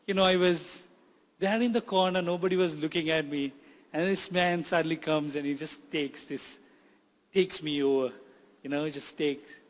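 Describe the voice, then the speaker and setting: A man's voice: fairly high pitch, long reverb tail, voice pushed down, close to an everyday voice. A man voicing a clay teapot being shaped in a potter's hands, crying out in distress in first person. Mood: wistful.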